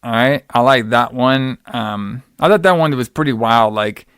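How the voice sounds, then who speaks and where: A man's voice: mid-range voice, moderate pace, a bit bright, smooth, dry recording, studio quality. A man hosting a podcast, recapping a horror movie in casual, rambling, slangy chat and acting out quotes in exaggerated voices. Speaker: podcast host.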